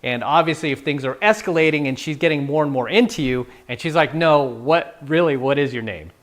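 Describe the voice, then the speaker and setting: A man's voice: on the high side, brisk, a bit bright. A man giving casual, playful dating advice, now and then acting out quoted lines. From San Francisco. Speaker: dating coach. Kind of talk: casual instructional talk.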